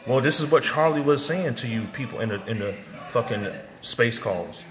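An animated, medium-pitched vlogger and music producer speaks at normal speed in a heated rant to camera. He's confrontational and profane, occasionally mocking people through put-on voices.

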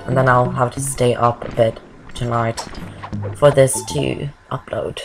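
A woman's voice: extremely low pitch, little pitch movement, measured pace, gravelly, poor audio. A woman giving casual, rambling commentary over a video game walkthrough, often wandering off topic. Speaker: gameplay commentator. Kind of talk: casual Let's Play commentary. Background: game music.

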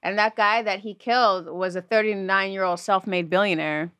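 A woman's voice: medium pitch, steady tone, normal speed, a bit bright, smooth, dry recording, clean studio sound. A woman co-hosting a podcast, recounting a story in casual chat.

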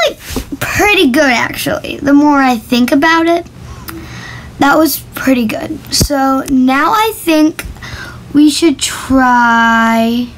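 A woman's voice: sits high, a little hiss or hum, poor audio. A female vlogger chatting casually to camera in a giggly, self-conscious way as she tries out a voice app.

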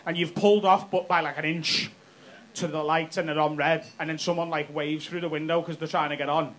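A man's voice: on the high side, little pitch movement, brisk, fairly bright tone. A man with a Liverpool accent doing brash, sweary stand-up crowd work in a comedy club. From Liverpool, England. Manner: brash, sweary, teasing banter. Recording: live club with audience noise.

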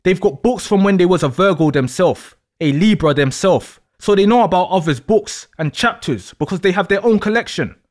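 A man with a high voice explains astrology in an emphatic, deliberate monologue. His pitch rises and falls widely as he talks. He is the host of his own video. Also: expressive.

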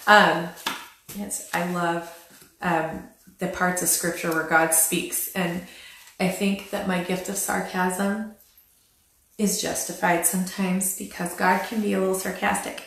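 A woman's voice: mid-range voice, measured pace, a bit bright. Wry woman teaching in an echoey room. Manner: chatty and wry, retelling scripture with dry sarcasm; frequent "um" fillers and light laughs. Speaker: Christian family Bible teacher. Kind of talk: casual spoken Bible teaching.

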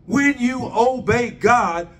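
A man preaching a sermon in a high, unhurried voice, asking rhetorical questions of the congregation. He sounds set back from the microphone. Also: far from the mic.

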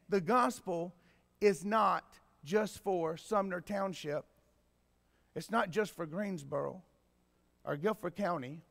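Pastor preaching, high voice, goes soft then shouts out, big echoey church. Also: male voice, vocal fry. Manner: preaching with sudden loud emphatic bursts. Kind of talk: sermon. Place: church sanctuary. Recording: long reverb in a church hall.

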